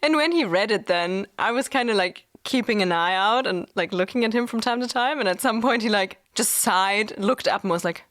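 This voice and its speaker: A woman's voice: mid-range voice, normal speed, few pauses, a bit bright. A young woman co-hosting a casual book podcast, retelling scenes animatedly with acted-out quotes. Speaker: podcast co-host. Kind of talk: casual chat.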